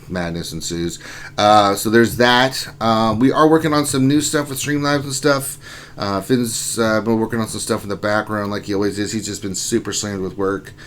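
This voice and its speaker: A man hosting a casual live stream, reading viewer messages aloud and greeting each one by name, with a sore back and allergies. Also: medium pitch. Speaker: stream host reading chat.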